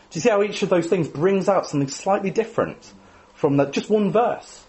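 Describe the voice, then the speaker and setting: A man's voice: on the high side, a little fast, darkish tone. A man giving a sermon in a conversational, self-deprecating way, often adding tag questions. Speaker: preacher.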